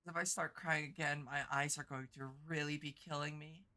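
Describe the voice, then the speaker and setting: A woman streamer in casual live-stream chat, teary and congested from crying, halting and stumbling over her words. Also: sits low, steady tone, sharp tone.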